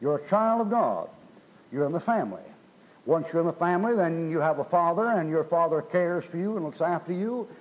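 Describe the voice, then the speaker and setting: A man's voice: fairly high pitch, expressive, fairly quick, low-quality recording. A middle-aged man preaching a sermon in a folksy, emphatic way, his voice rising in bursts. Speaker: pastor.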